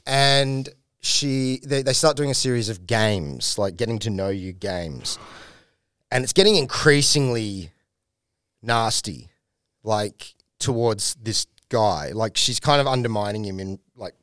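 A man's voice: fairly low pitch, unhurried, clear, resonant tone, no room sound, studio quality. A man with an Australian accent telling a comedy-scene story on a podcast, swearing freely and acting out what people said. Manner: profane, animated, acts out quotes. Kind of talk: casual storytelling chat.

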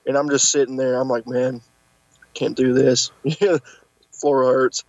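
A man's voice: measured pace, dry recording. A man guest on a podcast, telling a story casually and acting out the people he quotes. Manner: animated, acts out quotes with pitch jumps. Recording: dull lo-fi podcast audio.

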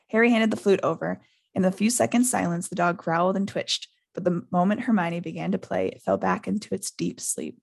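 A woman hosting a podcast, reading a novel aloud in a lively way. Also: lowish voice, fairly quick, vocal fry. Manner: lively, laughs often. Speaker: podcast host.

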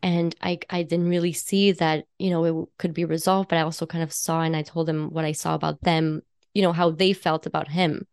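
A woman with a lowish voice chats warmly as a podcast guest, laughing often and circling back through fillers and restarts. The sound is dry and close to the mic, with no room echo. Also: little pitch movement, brisk, few pauses, smooth. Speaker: guest, intuitive life coach and psychic. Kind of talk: casual podcast conversation.

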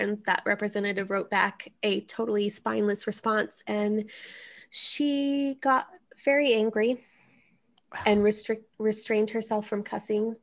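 Speaking at a measured pace in a mid-range voice, this podcast host leads a laid-back, funny advice conversation. Her storytelling is lively and profane, and she's recorded through a studio mic.

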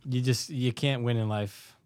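A man of medium pitch co-hosting a laid-back podcast. He talks in loose, joking banter, calling his partner "dude" and swearing now and then. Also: fairly even intonation, normal speed, darkish tone, clear, resonant tone. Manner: banter-heavy, says dude and bro, swears. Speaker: podcast co-host. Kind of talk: casual chat.

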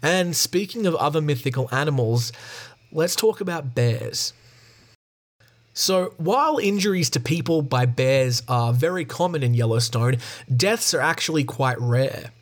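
A man hosting a podcast, reading a prepared script in a steady storytelling tone. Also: on the high side, unhurried. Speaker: podcast host. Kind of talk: scripted narration.

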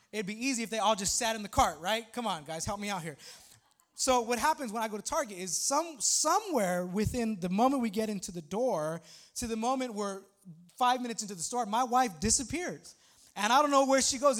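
High-voiced male pastor preaching. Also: a bit bright. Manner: conversational, humorous preaching with rising emphatic outbursts. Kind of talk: sermon.

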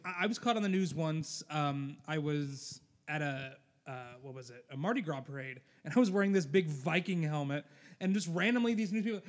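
A man's voice: on the high side, lively intonation, brisk, in a large hall. A man as a podcast guest in casual chat, blunt and profane, grumbling about his dislikes.

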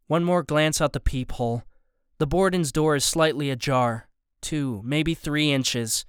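A man narrating a first-person interactive thriller in a tense, measured reading. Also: on the high side, clean tone, dry recording, clean studio sound. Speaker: audiobook narrator.

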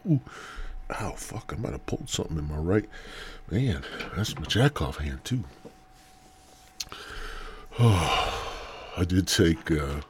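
A man's voice: low voice, darkish tone, breathy edge. A middle-aged man hosting his own podcast, rambling through a crude, profane comedic monologue from home. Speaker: podcast host.

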